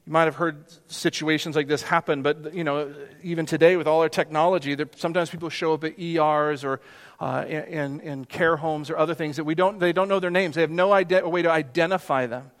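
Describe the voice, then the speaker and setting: Pastor, male, high-pitched, earnest preaching with quiet hushed moments; reverberant sanctuary. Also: fairly even intonation, a little fast. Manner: earnest, with sudden soft hushed drops for emphasis. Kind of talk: sermon. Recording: long hall reverb.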